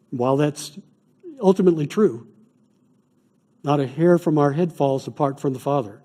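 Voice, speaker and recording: Earnest chaplain with a mellow voice. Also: male voice, on the high side. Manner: earnest, measured, tells stories. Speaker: chaplain teaching a class. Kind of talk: evening lecture on grief care. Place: classroom or church hall.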